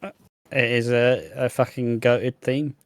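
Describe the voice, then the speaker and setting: A man's voice: mid-range voice, steady tone, slow, a little mellow. A young man co-hosting a podcast, chatting bluntly about wrestling with lots of slang and swearing. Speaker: podcast co-host. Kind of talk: casual wrestling chat.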